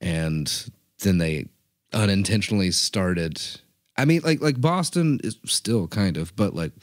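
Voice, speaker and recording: A young adult man co-hosting a podcast, chatting casually and telling an animated story with plenty of swearing. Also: sits low, a little slow, no echo, clean studio sound. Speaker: podcast co-host. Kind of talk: casual chat.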